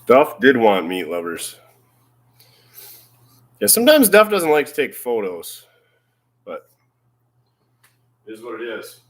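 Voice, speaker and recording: A man's voice: mid-range voice, wildly swooping pitch, slow, long pauses. Easygoing guy rambling on a live stream, voice bounces around a roomy garage. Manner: laid-back, rambling, reads chat aloud. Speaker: channel host. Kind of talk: casual livestream chat. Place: repair shop.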